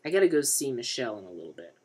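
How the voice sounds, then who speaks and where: A man's voice: medium pitch, very animated, racing, a little mellow, husky. A sheepish, embarrassed young man who stammers and rambles, close to an ordinary speaking voice, as a man reading a story puts him on. He trips over his words and circles back.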